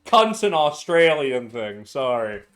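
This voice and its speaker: A man's voice: mid-range voice, very animated, takes it slowly, fairly bright tone. A young man chatting casually at his home bar, tipsy, loose and profane, laughing a lot. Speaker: streamer making cocktails. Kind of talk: casual chat.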